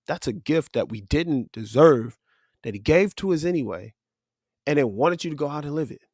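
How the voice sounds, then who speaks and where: A man's voice: medium pitch, dry recording, studio quality. A man hosting a podcast, giving an earnest, conversational faith-based monologue. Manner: earnest, conversational, with frequent "like" and "you know". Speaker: podcast host.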